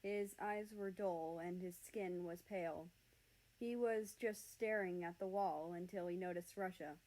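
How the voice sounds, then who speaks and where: A woman reading a fan fiction story aloud in an earnest, expressive narration. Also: on the low side, measured pace.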